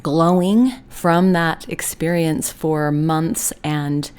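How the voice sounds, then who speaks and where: Low-voiced middle-aged lady telling a heartfelt personal story, earnest and reflective. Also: steady tone, slow pace, darkish tone, clean tone. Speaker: hypnotherapist.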